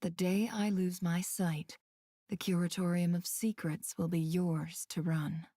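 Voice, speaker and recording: An actress voicing a sharp-minded female leader in a game, analytical and dryly witty. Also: fairly low pitch, flat delivery, measured pace, no room sound, clean studio sound. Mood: resolute.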